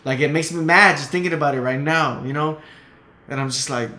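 A man's voice: fairly high pitch, brisk, sharp tone. A man telling a story in casual chat as a podcast guest, blunt and heated, swearing often. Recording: echoey room, faint noise.

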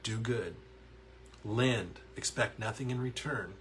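A man's voice: lowish voice, takes it slowly, slight background noise. A man leading an online Bible study from his counseling office, reading verses aloud, answering viewers' typed comments and getting worked up as he explains the text. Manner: earnest, animated, reads verses aloud and reacts to typed comments.

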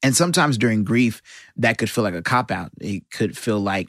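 A man's voice: fairly low pitch, moderate pace, fairly bright tone, no room sound, clean studio sound. A man hosting, talking in an earnest, thoughtful and plainspoken way. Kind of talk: reflective talk.

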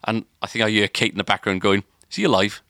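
A male co-host tells a long story on a podcast, talking fast in a lowish, steady, pushed and bright voice. He rambles and restarts often amid lots of filler, and the dry recording is studio quality.

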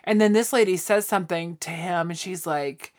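A woman's voice: lowish voice, normal speed. A woman co-hosting a podcast, chatting casually as she recaps a sitcom and acts out the characters' lines. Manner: animated, acts out characters' lines while retelling scenes. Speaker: podcast co-host. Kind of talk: casual chat recapping a TV show.

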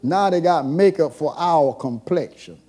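A pastor preaches in a high, lively voice that leaps up and down. He moves between quiet, drawn-out passages and sudden shouted calls to the church. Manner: call-and-response preaching, swings from soft to shouting. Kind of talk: sermon.

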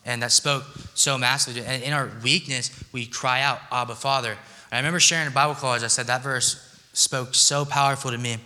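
A man's voice: mid-range voice, fairly even intonation, brisk, bright, forceful tone. A young man giving a casual, joking sermon as a pastor, chatty and self-deprecating, with slang. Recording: long hall reverb.

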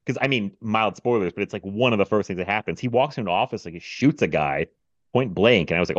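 Low-voiced chatty male podcast host. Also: quick pace, dry recording, dull audio. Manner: chatty, laughs often, lots of fillers. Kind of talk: casual movie chat.

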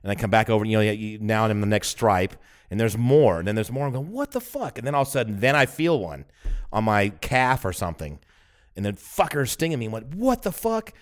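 A man's voice: on the low side, quick pace. A man co-hosting a podcast, telling long rambling stories with lots of swearing, and laughing at himself. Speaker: podcast co-host. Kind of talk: casual chat.

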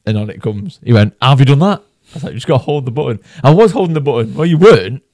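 A man's voice: mid-range voice, lively intonation, fast talker, dark tone, no room sound, clean studio sound. A man from England, co-hosting a golf podcast, telling a story in casual chat and laughing often as he goes. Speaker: podcast co-host.

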